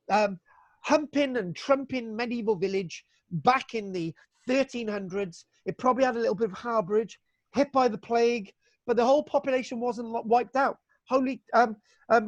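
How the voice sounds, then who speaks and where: A man's voice: very high voice, no echo. A man lecturing on local history over a video call in a chatty, folksy way, with many fillers and restarts. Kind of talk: online illustrated history lecture.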